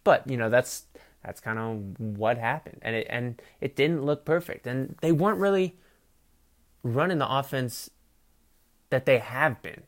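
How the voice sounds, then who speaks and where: Profane, rambling sports podcaster. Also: male voice, mid-range voice, unhurried. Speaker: podcast host. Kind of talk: casual sports commentary. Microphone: phone.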